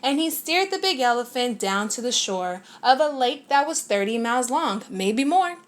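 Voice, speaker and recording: A woman reads a rhyming children's book aloud with a steady, lilting rhythm. Her voice sits a bit high for a woman and stays clear and friendly to follow. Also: normal speed. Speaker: storybook reader.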